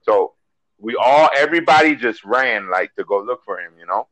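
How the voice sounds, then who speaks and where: A Miami-accented man co-hosts a casual podcast, telling stories in a loose, profane, animated rush of fillers and restarts. His voice sits in an ordinary male middle register. It is recorded on a close, dry mic with little room sound. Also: mid-range voice, normal speed, dry recording, poor audio. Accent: Miami English. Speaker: podcast co-host.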